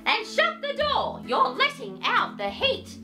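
A grumpy storybook whale, as a woman reading aloud puts him on, blunt and bossy. The voice sits up high and leaps about, full of huffy lift, over soft music. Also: big pitch swings, slow pace, heavily acted. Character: cranky rude male whale in a bath.

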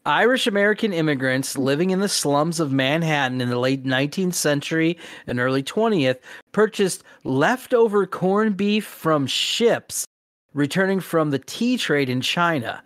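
A man's voice: a little high, animated, moderate pace, a bit bright, no echo, clean studio sound. A man co-hosting a podcast in casual chat, reading out fun facts and laughing often. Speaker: podcast co-host.

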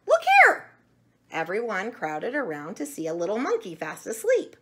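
A woman teacher reading a picture book aloud to children, gently asking them questions along the way. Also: medium pitch, big pitch swings, moderate pace, background noise. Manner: gentle, asks the listener questions.

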